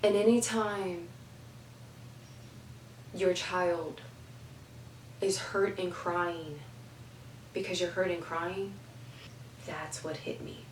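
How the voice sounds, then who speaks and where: A woman's voice: fairly low pitch, fairly even intonation, extremely slow, long pauses, reverberant, distant mic, a little hiss or hum, rough recording. A young woman giving heartfelt life advice in an emphatic way, repeating phrases for stress. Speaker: advice vlogger.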